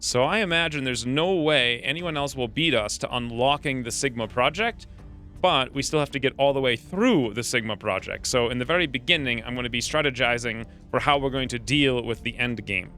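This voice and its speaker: A man's voice: mid-range voice, a little fast, pushed and bright, faint music behind. A man hosting a let's play video, giving casual, upbeat commentary and explaining his plans as he plays. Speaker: gaming channel host.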